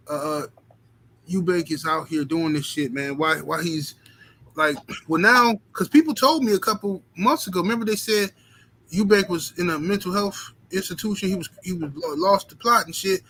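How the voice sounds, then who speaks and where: Host, male, profane casual stream chatter, tense bright tone. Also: high-pitched, moderate pace, a little hiss or hum, poor audio. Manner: loose, profane, laughing asides, slangy. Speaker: boxing talk show host. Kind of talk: casual live-stream commentary.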